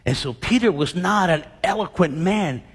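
A man's voice: high voice, animated, moderate pace, husky, big-room sound. A man preaching a sermon, acting out Bible scenes and quizzing his congregation with questions.

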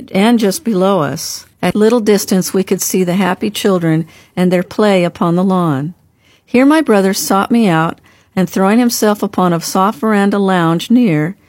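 A woman reading a story aloud in a measured, earnest narration. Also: medium pitch, darkish tone, dry recording. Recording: dry close recording.

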